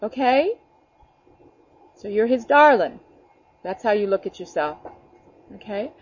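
A woman's voice: mid-range voice, sing-song, measured pace, lo-fi sound, a little hiss or hum. A woman teaching a small prayer group over a video call, speaking earnestly, addressing listeners by name and often checking in with "okay?". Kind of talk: spontaneous preaching to a small group.

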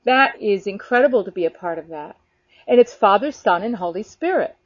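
A woman talking casually about her faith, earnest and animated, filling her talk with "you know.". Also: medium pitch, brisk, no echo. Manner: animated, earnest, many fillers. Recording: dull lo-fi sound.

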